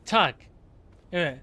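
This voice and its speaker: With no echo on the recording, a male gamer streams and chats loosely as he plays. His voice is bright, fairly high, and keenly forward, and he rambles between asides, joking and mocking himself.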